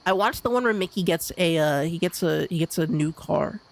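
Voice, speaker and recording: A live streamer in casual chat, rambling and excitable, with lots of stammered restarts. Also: mid-range voice, a little fast, gravelly.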